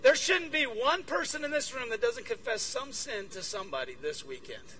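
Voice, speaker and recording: A man giving a lively sermon as a guest speaker to a conference crowd, acting out bits of dialogue. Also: extremely high pitch, moderate pace, far from the mic, slight background noise, rough recording. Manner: energetic, acts out dialogue. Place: conference room with audience.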